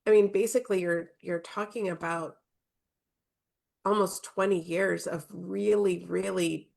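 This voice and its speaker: Slow-talking gravelly woman host. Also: lowish voice, steady tone, a little mellow. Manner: probing, supportive interviewer. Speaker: podcast host. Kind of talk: casual interview.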